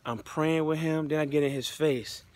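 A man's voice: fairly high pitch, steady tone, moderate pace. A man speaker telling his own testimony in a casual, heartfelt way, with loose slang. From United States. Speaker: motivational speaker. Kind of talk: personal testimony storytelling.

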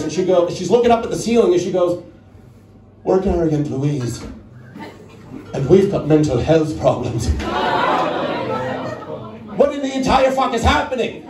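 A man's voice: on the high side, warm tone. A man with an American accent telling a long story on stage as a stand-up comedian, chatty and conversational, often tagging lines with "right?". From Netherlands. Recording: echoey room, from far off, crowd. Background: audience laughter.

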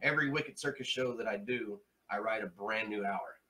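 A male comedian telling a story in a casual chat, animated and swearing freely, acting out the people he quotes. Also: on the low side, moderate pace, low-quality recording. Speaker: comedian guest.

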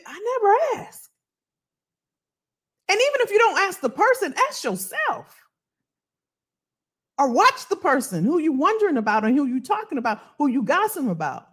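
A woman's voice: very high voice, moderate pace, long pauses. A woman podcast host giving a candid motivational talk, telling stories and acting out her old gossip. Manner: animated storytelling, acts out her past gossip.

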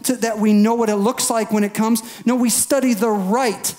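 A male pastor giving a sermon in a conversational, folksy way, at times acting out quick voices to make a point. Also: high-pitched, steady tone, darkish tone. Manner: bursts into acted voices for emphasis.

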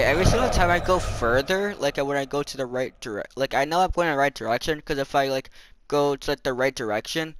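A young man giving rambling horror game commentary, swearing and jumpy, with lots of filler words. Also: a little high. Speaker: gamer.

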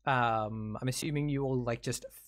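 A man narrating as game master, halting and full of fillers and restarts. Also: medium pitch, fairly even intonation, no room sound, clean studio sound.

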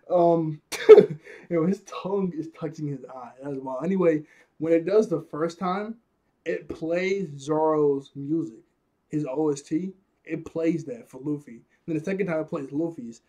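A man's voice: on the high side, mellow. A man giving a casual, rambling episode review, laughing often at his own jokes.

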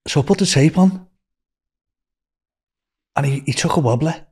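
An older man with a Liverpool accent, telling rambling, animated anecdotes as a podcast guest. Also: fairly high pitch, a little slow, pauses often, breathy edge. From Liverpool, England. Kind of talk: casual storytelling.

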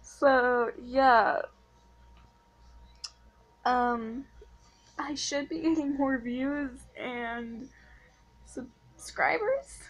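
A young woman casually vlogging to her channel, gushing and excitable like an overjoyed fan. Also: high-pitched, very slow, long pauses. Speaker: YouTuber. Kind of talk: casual vlog chat.

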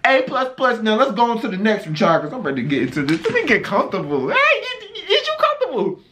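Excitable North Carolina vlogger, very lively pitch. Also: quick pace, a little hiss or hum. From North Carolina, USA. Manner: loud, exclaiming, breaks into singing and shouts. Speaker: vlogger reacting to cooking videos. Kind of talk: excitable reaction commentary.

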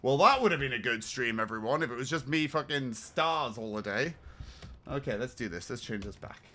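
A man, chatting excitably and rambling as he sets up a live game stream. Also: mid-range voice, a little fast, a little hiss or hum.

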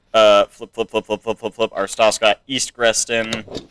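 A man's voice: lowish voice, flat delivery, measured pace, a bit bright, clean tone. A young man casually commenting on a video game playthrough, reading on-screen text aloud with chatty, joking asides. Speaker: gamer playing through a game.

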